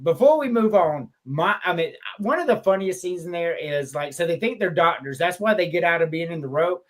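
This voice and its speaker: A man co-hosting a podcast in casual chat, who swears freely and retells movie scenes with loud acted-out quotes. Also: high-pitched. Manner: animated, swearing, acts out quotes in loud voices. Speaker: podcast co-host.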